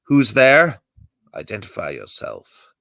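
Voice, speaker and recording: A man voicing a dry-witted exiled Jedi master with a sardonic, lively delivery. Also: fairly low pitch, takes it slowly, gravelly, dry recording, exaggerated voice. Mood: wry. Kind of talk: amateur script read-through.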